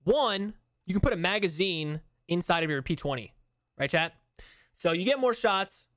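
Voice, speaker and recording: A man's voice: high-pitched, lively intonation, normal speed, a bit bright, no room sound, studio quality. A young man giving casual, slangy gaming commentary, hyped and repeating himself. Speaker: gaming YouTuber.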